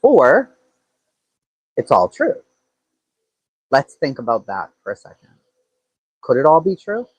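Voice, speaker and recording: A man's voice: mid-range voice, very animated, normal speed, pauses often, husky, no echo, low-quality recording. A man hosting a true-crime livestream, talking casually and thinking aloud with lots of fillers and restarts.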